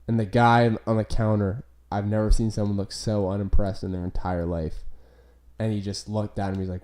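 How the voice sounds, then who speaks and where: A young man hosts a laid-back podcast, his voice low in brightness and warm. He rambles loosely, swears freely and leans on "like" between thoughts. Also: fairly even intonation, normal speed. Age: young adult. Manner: rambling, profane, full of "like" fillers. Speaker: podcast host. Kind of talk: casual chat.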